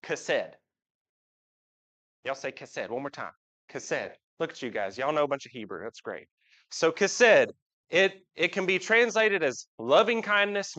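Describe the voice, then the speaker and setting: A preacher with a high-sitting, slightly bright voice gives a casual, folksy sermon in a church sanctuary, captured in a muffled recording. He talks with the congregation, often putting questions to them.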